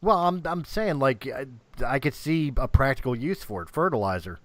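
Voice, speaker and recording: A man guest on a casual podcast who laughs a lot and talks haltingly, repeating words. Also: medium pitch, lively intonation. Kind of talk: casual chat.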